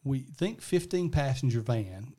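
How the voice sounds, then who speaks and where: A man's voice: medium pitch, animated, unhurried, mellow. Rambling man. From American South. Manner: rambling storyteller with many restarts. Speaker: podcast co-host. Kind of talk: casual chat.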